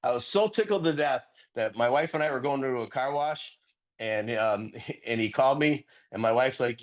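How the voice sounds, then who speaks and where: A middle-aged man speaking candidly as a sponsor at a recovery meeting, earnest and animated, laughing often and jumping higher when he stresses a point. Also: normal speed.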